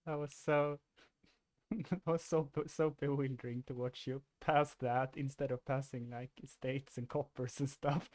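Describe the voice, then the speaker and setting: A man commenting casually on a card game, thinking out loud and often restarting his sentences. His voice sits at a middle pitch. The sound is dry and close, with no room around it. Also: steady tone, a little slow, dry recording. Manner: rambling, restarts often, laughs easily.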